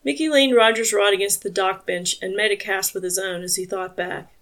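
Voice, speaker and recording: A woman narrates an audiobook in a calm, measured way, with a voice of middling pitch. Her storytelling stays steady from line to line. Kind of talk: scripted narration.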